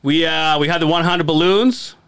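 A man co-hosting a podcast in casual chat, telling animated stories, acting out quotes and swearing freely. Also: fairly high pitch, normal speed, clean tone, no echo, studio quality. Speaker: podcast co-host.

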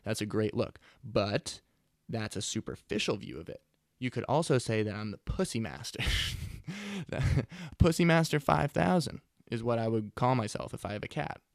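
A man's voice: medium pitch, very animated, moderate pace, creaky, dry recording. A man in his twenties rambling through a casual, profane podcast monologue on a close mic. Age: 20s. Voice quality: profane, laid-back and chatty. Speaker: podcast host. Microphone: close studio mic.

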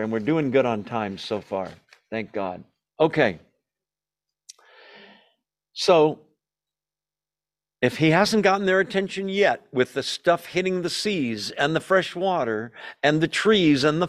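A man preaching as a pastor works verse by verse through a Bible passage, keeping things conversational and frequently putting questions to his listeners. His pitch shifts in a lively way.

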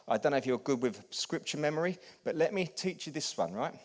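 A man preaching a sermon as a pastor, getting the congregation to repeat lines and swinging from hushed to loud. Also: mid-range voice, sing-song, moderate pace. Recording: long hall reverb.

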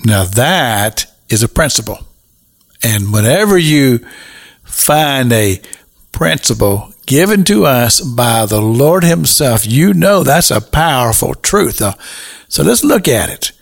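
Slow, gravelly radio preacher man. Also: mid-range voice, very animated. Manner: slow and emphatic, rising to fervent peaks. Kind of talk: sermon.

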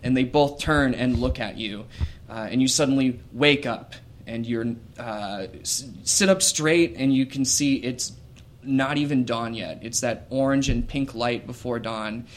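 A man's voice: mid-range voice, a little slow. Man narrating a tabletop game. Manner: hesitant, many fillers and restarts. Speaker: game master.

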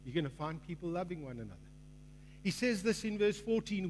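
A man's voice: high-pitched, expressive, fairly quick, darkish tone. A male pastor preaching a sermon with growing fervor, acting out the voices in a parable he tells. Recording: long hall reverb, faint mains hum.

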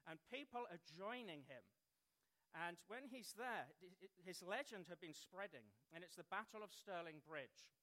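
An English man in his thirties preaches with a high, bright voice. He keeps it lively and pokes fun at himself with quick asides to the room. His tone is light and bright. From England. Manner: lively, self-deprecating, jokey asides. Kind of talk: sermon talk.

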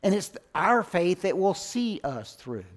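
A man preaching a sermon, swinging from loud emphatic lines to hushed, low phrase endings. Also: big pitch swings, a little slow. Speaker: pastor.

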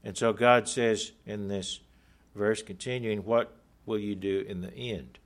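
A man preaching a sermon, reading scripture aloud and explaining it in an earnest, emphatic way, slowing down to stress key points. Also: on the low side, fairly even intonation.

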